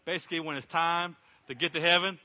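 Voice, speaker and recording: A man's voice: a little high, fairly even intonation, quick pace, sharp tone. A middle-aged man preaching a sermon as a pastor, in a conversational storytelling way that acts out what people said, recorded in a church sanctuary. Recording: long reverb from a church hall.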